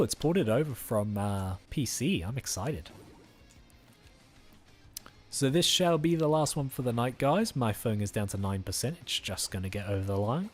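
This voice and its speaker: A tired man chatting casually with viewers while streaming a game, easygoing and friendly. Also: medium pitch. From Australia. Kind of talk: casual live-stream chat.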